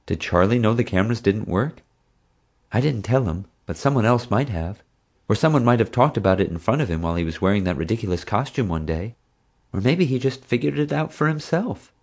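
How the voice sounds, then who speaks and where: A man narrating an audiobook in the first person, in an expressive storytelling manner. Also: on the low side, fairly quick.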